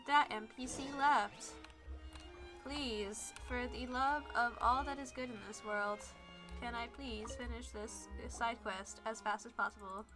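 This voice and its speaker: A young woman streamer reacting to her game, high and bright-voiced, venting her frustration at a slow, deliberate pace. She bursts into loud complaints and then mutters. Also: steady tone, soft background music. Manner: exasperated, ranting, outbursts and laughs. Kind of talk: gameplay commentary.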